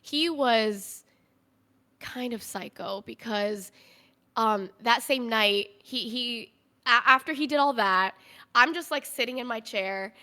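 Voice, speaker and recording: Young woman telling a personal story, higher voice. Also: takes it slowly, bright, forceful tone. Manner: conversational, frequent "like" fillers. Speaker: podcast guest, streamer.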